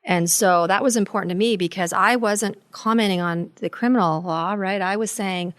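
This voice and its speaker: A woman attorney speaking thoughtfully and in a measured way on a live legal panel. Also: medium pitch, dry recording, clean studio sound.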